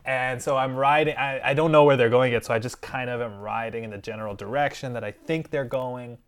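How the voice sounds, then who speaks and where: Animated male podcast storyteller. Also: mid-range voice, a little fast. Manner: animated storyteller, acts out other people's lines. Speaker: podcast co-host. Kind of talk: casual storytelling chat.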